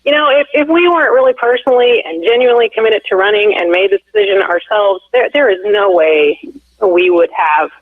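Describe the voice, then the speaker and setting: Calling in to an interview as the candidate's wife, this woman in her forties rambles through a long casual story, restarting often and leaning on fillers. Her medium-pitched voice is lively in intonation and brisk, with no room sound on the tinny, dry phone line.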